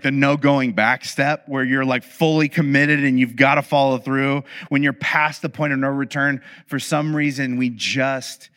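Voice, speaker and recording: A man giving a conversational storytelling talk to an audience, animated and humorous, with confiding asides. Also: medium pitch. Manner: animated, acts out quoted dialogue. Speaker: speaker addressing an audience.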